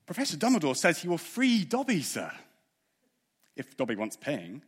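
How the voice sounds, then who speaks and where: A man's voice: normal speed, slightly rough, heavily acted. A man reading aloud and voicing a timid, eager male house elf servant from a storybook. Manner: high, excited, servile storybook reading. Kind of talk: reading a book extract aloud.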